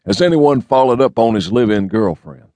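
A man voicing a calm, mellow older male lawman in an audiobook, easygoing and philosophical. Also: mid-range voice, normal speed, no room sound, voice pushed up, lightly acted. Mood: earnest. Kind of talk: audiobook character reading.

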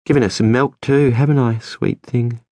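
A man reading an audiobook, voicing a tender young wife who coos and croons softly over a baby. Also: low voice, normal speed, creaky, husky, dry recording, heavily acted. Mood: cooing. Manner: soft, cooing, crooning. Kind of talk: audiobook narration.

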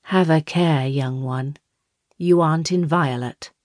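Casting: woman doing a scheming court official in an audiobook, a man with a high girlish voice, silky and threatening, sounding close and dry. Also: slow, a little mellow, no echo. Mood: menacing.

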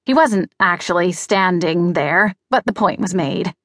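A woman's voice: on the low side, measured pace, fairly bright tone. A woman reading a mystery audiobook in first person, with a wry, conversational delivery. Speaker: audiobook narrator. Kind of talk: first-person scripted narration.

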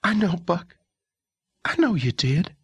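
A man voicing a frightened young woman in a historical audiobook, pitched high, breathless and urgent. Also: big pitch swings, slow pace, breathy edge, no echo, clean studio sound, exaggerated voice.

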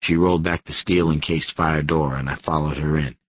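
A man reading an audiobook in steady first-person narration on a studio microphone. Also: extremely low pitch, a little fast, dry recording, highs cut off. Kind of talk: scripted narration.

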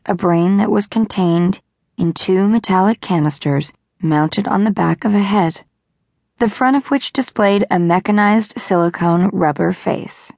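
A woman reading a children's novel aloud in a calm storytelling manner. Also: mid-range voice, unhurried, gravelly, dry recording. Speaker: audiobook narrator. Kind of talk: scripted narration. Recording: dry close studio sound.

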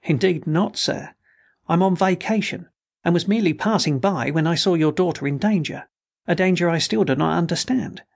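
Polite young lab man, read by a man, formal and husky-toned. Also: fairly high pitch, normal speed, pitched above the performer's own voice.

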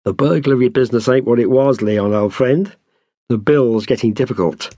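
A blunt, menacing burglar as a man puts him on, clipped and plain-spoken, pitched a bit above the reader's own voice. Recorded dry and close. A storybook heavy with no patience. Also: moderate pace, warm tone, no echo, lightly acted. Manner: blunt, clipped street talk.

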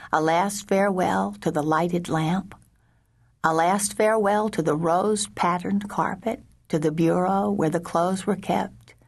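A woman narrating a children's audiobook in a slow, measured storytelling manner, sometimes dropping to a hush. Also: on the low side, slightly rough. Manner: slow, measured storytelling with soft hushed passages.

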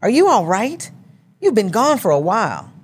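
A woman's voice: medium pitch, sing-song, moderate pace, husky, in a large hall, pitched above the performer's own voice. A woman narrator voicing a concerned woman with a Spanish accent who keeps checking in.

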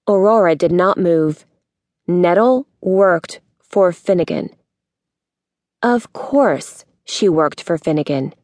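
Steady woman audiobook narrator. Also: fairly low pitch, takes it slowly, no room sound. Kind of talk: scripted narration.

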